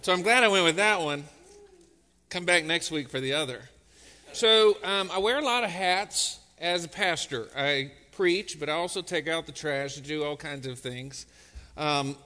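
Chatty joking pastor preaching, highish bright voice, church echo. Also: male voice, normal speed. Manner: conversational, joking. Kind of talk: sermon. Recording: long church reverb.

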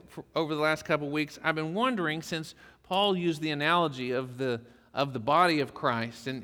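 A man preaches a sermon in a slightly high voice, telling jokes and folksy stories along the way. His words ring out with a long reverb, as in a church hall. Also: bright, forceful tone. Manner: folksy storytelling with humor. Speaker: pastor.

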